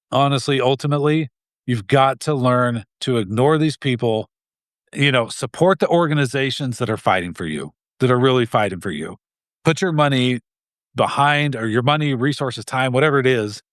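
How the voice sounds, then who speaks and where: A man talking as an interview guest in an earnest, heated way, often breaking off and restarting his sentences. His voice sits at a middle pitch. The room is dry, with no echo. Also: moderate pace. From Idaho. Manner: earnest and heated, with frequent restarts and short laughs. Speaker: guest, gun rights group president. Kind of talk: casual interview talk.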